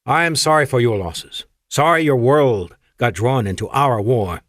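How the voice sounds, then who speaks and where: A man voicing an ancient, courteous alien admiral with an Afrikaans-tinged accent and formal, measured speech. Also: medium pitch, expressive, fairly bright tone, no room sound, studio quality. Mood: grave.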